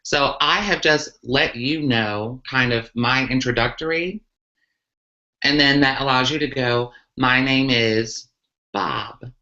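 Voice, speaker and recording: A woman's voice: very deep voice, measured pace, sharp tone. A woman, a transgender activist, answering questions earnestly in a live online talk, with many ums and restarts. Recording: muffled lo-fi livestream audio.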